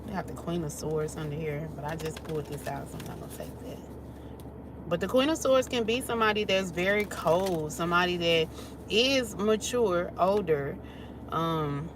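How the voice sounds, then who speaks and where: A woman with a lowish voice runs a casual tarot reading, chatting loosely and breaking into laughs as she talks. Traffic noise hums clearly behind her the whole time. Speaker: tarot reader.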